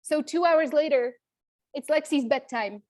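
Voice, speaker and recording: High-voiced woman coach telling a story. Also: unhurried, darkish tone, no echo. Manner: emotional, confiding, frequent "you know". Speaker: business coach. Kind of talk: personal story in a coaching talk.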